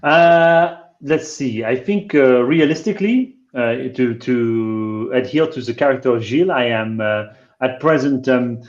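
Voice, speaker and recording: A man taking part in a tabletop roleplaying game, explaining what his character does with animated, joking asides. His voice sits at a middle pitch for a man. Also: unhurried, few pauses, reverberant, dull audio. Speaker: player.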